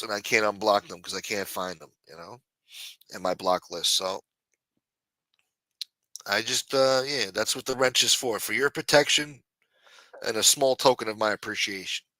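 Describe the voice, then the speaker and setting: A man's voice: on the low side, sharp tone, no echo. A man hosting a late-night livestream, chatting loosely and profanely while answering viewers in the chat. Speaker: livestream host.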